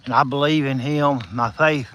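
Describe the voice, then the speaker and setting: This Southern man's voice is medium-pitched and fairly bright, with fairly even intonation and a moderate pace. Streaming live while walking at night amid insects, he greets viewers by name in a folksy, encouraging way, a little winded and slurring slightly without his top teeth. The rough recording carries a little hiss or hum.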